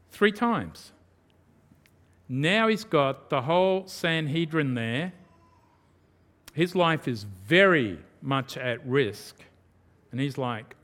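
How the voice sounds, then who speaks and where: Animated man preaching a sermon. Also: fairly high pitch, a little slow. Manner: animated storytelling, acting out voices of biblical figures.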